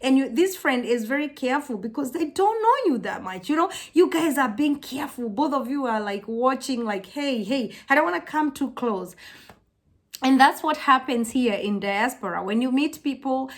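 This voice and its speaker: A young woman from Africa chatting to her vlog audience, telling stories with lively acted-out quotes. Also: moderate pace, hardly any pauses. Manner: animated storytelling, acts out quotes in high voices. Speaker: vlogger. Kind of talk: casual chat to camera.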